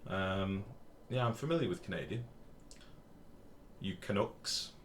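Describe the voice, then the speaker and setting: A man's voice: low-pitched, expressive, measured pace, slight background noise. An English man chatting casually while live-streaming a game, swearing freely and reading out chat messages. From England.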